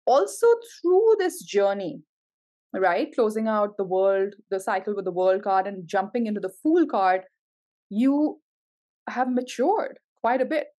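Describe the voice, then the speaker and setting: A woman's voice: mid-range voice, a little slow, a little mellow. A woman giving a tarot reading to camera, gushing and emotional, full of exclamations. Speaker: tarot reader.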